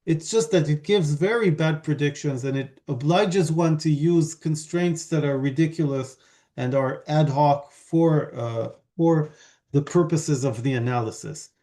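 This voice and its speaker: A man giving an academic linguistics talk, explaining step by step with many fillers, pauses and restarts. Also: on the high side, dark tone. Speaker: linguistics lecturer.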